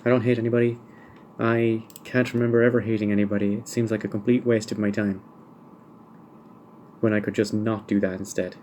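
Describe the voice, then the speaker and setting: A man's voice: on the low side, level tone, a little fast, a little mellow, slight background noise. A man hosting a solo podcast, answering listener questions one by one with dry, wry humour and rambling asides. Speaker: podcast host.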